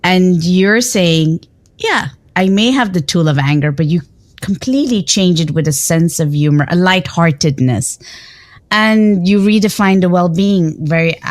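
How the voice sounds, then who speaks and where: A woman hosting a podcast, interviewing her guest and telling animated stories with frequent restarts. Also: fairly low pitch, unhurried, no echo. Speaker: podcast host.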